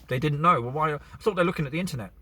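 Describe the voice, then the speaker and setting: A man's voice: on the high side, very fast, sharp tone. A man from Bournemouth, chatting casually and telling stories to camera outdoors. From Bournemouth, England. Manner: chatty, storytelling, with restarts. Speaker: vlogger. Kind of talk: casual chat.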